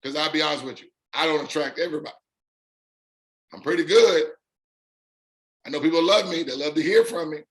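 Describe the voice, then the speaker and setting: Hosting a live talk for his online business community, a man with a slightly high voice speaks emphatically. He hammers points home in punchy lists, drawing out the stress on key words.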